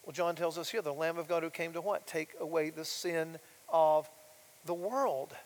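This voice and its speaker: A man preaching a sermon as pastor, swinging from loud emphatic declarations to soft quiet asides and asking rhetorical questions. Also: fairly high pitch, fairly even intonation, normal speed. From United States. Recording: long reverb of a large hall.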